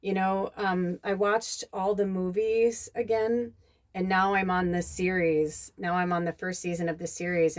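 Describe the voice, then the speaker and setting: A woman hosting a podcast, talking in a rambling casual monologue full of "like" and "you know", turning animated when she retells scenes. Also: on the low side. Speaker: podcast host.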